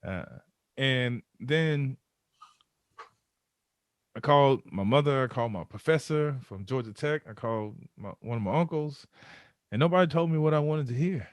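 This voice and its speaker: A man, a podcast guest, telling a candid personal story in an animated way and acting out his own thoughts. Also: mid-range voice, moderate pace, pauses often, clean tone, no echo.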